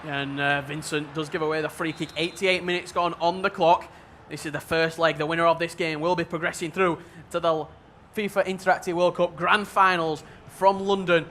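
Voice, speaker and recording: A man giving play-by-play commentary on a football video game match, measured and level-headed in his analysis. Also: fairly high pitch, fairly even intonation, bright, forceful tone, a little hiss or hum. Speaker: esports commentator.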